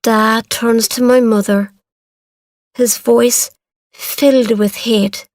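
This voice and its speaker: A woman narrating a story for English learners, reading slowly and clearly. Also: on the high side, steady tone, dry recording, clean studio sound. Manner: slow, clear, careful reading.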